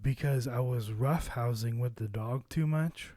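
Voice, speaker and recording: A man telling an anecdote to camera in a loose, rambling way, full of fillers and casual cursing. He talks slowly at a mid pitch, and the sound is close and dry. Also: warm tone, dry recording. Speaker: vlogger.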